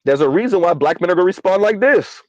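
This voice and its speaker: A man holds forth on a live stream in a slightly raised voice, preaching his points and repeating key lines slowly for emphasis. He stops now and then to read viewer comments aloud. The audio is dull and lo-fi, with a dry, close sound and no room around it. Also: sits high, animated, no room sound. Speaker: livestream commentary host.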